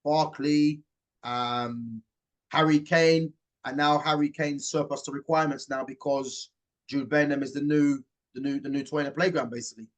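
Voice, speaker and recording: A man's voice: a little high, fairly even intonation, moderate pace. A man hosting a casual football chat, talking in an emphatic, opinionated way. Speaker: host.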